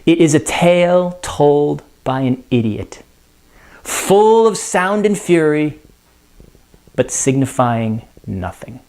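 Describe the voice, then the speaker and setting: A man reading aloud as a weary, despairing king, slowly and in a measured way. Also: fairly high pitch, animated, a little mellow. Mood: bleak.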